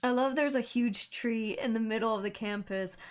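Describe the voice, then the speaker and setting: A woman streaming a game, reacting with excited, rambling commentary. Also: fairly high pitch, moderate pace. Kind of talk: let's-play reaction commentary.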